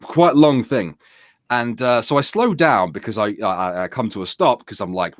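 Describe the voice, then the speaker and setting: A British man in his thirties, co-hosting a stream and telling a rowdy story in casual chat, swearing freely and acting out his own shouting. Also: medium pitch, normal speed, no echo, studio quality. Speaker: streamer and co-host.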